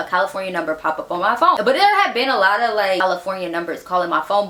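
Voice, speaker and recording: A young woman in her twenties telling a story in a casual vlog, chatty and animated, acting out the people she quotes. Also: medium pitch, reverberant. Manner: chatty, animated, acts out quoted voices, frequent "like", laughs. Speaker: vlogger.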